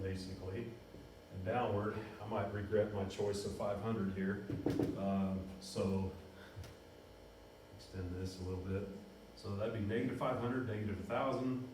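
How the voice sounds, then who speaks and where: A man's voice: lowish voice, noisy background. Guy teaching math at the board, upbeat, talks thru his steps, really echoey room, mic kinda far off. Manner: upbeat, talks himself through steps, self-correcting. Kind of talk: classroom math lesson, working at a board.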